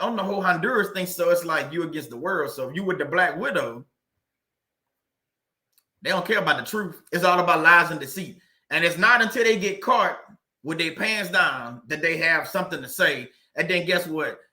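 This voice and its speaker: Male livestream host, high and forceful voice, animated storyteller who laughs a lot. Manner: animated, laughing, repetitive emphasis. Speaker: livestream host reading viewer comments.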